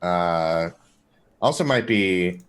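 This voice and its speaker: Guy on a game call, kinda low voice that jumps around, rambles and restarts. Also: expressive, drawn-out words, slight background noise. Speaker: player. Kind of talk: casual chat.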